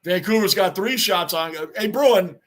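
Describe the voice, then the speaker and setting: A man with a high voice hosts a live sports reaction stream. He talks in an excitable, rambling way, often repeating himself. He calls out greetings to viewers between bits of game commentary. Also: unhurried. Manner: rambling, chatty and repetitive. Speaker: livestream host.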